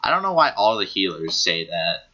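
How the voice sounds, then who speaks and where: A man talking casually over gameplay, rambling and laughing at what amuses him. His voice sits low but swings up and down a lot, with a sharp, bright tone. The recording is dull and lo-fi, from a computer microphone. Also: sing-song, normal speed. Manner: rambling, giggly, easily amused. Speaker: gaming YouTuber. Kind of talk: casual gaming commentary.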